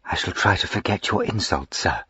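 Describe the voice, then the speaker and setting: A man reading aloud, voicing a proud, indignant young Georgian lady in a raised, crisp, haughty voice. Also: deep voice, animated, moderate pace, pushed and bright, dry recording, highs cut off, exaggerated voice. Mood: cold.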